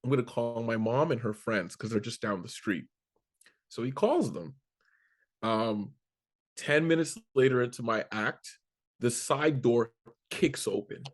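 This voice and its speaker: A man from Canada, a comedian guest in an interview, telling a story with animated energy and acting out the voices of the people in it. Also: mid-range voice, a little slow. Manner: animated, acts out quoted voices, swears casually.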